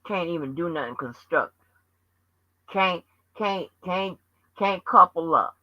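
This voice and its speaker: A woman's voice: on the low side, animated, a little slow, no room sound. A woman hosting her own channel, delivering a heated, profanity-heavy rant that scolds her viewers. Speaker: channel host. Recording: dull lo-fi dry sound.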